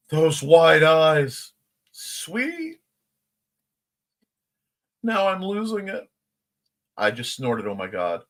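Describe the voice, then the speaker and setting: Guy hosting a chill morning stream, reads chat out loud and cracks up, voice bounces around a lot. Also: on the high side. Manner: reads viewer chat comments aloud, laughing along. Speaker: host. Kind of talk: casual livestream morning chat.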